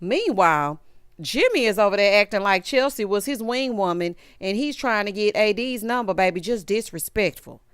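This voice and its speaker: A woman giving sassy, animated commentary as she recaps a reality show. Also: medium pitch, moderate pace, clear, resonant tone, no room sound, clean studio sound. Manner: animated, sassy, acts out quotes.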